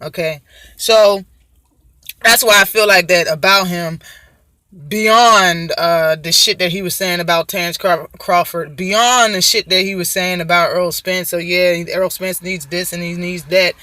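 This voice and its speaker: High-voiced man ranting about boxing. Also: fairly even intonation, a little slow, sharp tone, no echo, studio quality. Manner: profane, mocking, heated. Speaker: boxing commentary host. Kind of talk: casual ranting commentary.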